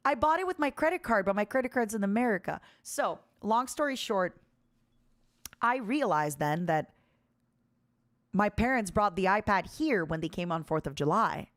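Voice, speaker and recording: A Ukrainian woman of about forty, brought up in Canada, chats casually on a live stream at a moderate pace. She tells stories with animation, laughs a lot, and her voice leaps high and loud whenever something amuses her.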